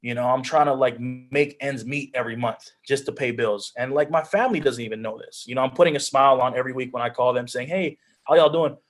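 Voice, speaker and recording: Young man, 20s, guest on a video call, earnest storyteller, mid-pitched, plain everyday delivery. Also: fast talker, hardly any pauses, fairly bright tone. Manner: earnest storytelling, drops into quoted self-talk. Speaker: guest speaker, pro football player. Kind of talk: telling his life story on a video call.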